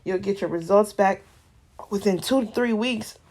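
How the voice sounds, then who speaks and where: A woman voicing a calm, upbeat female medical technician who gives brisk, matter-of-fact instructions. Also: mid-range voice, close to an everyday voice, poor audio.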